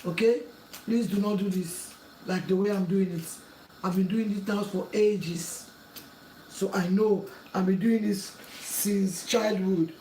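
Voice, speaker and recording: Steady, unhurried, and mellow, a woman with a mid-range voice hosts a home cooking tutorial, earnestly repeating pleas and warnings as she works. The recording has slight background noise, kitchen echo, clattering pots, and a distant mic.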